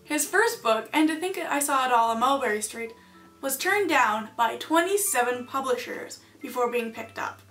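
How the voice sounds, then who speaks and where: A woman's voice: high-pitched, expressive, normal speed, a bit bright, faint music behind. A young adult woman chatting casually to camera in a vlog, offhand and jokey, with lots of fillers. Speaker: video creator.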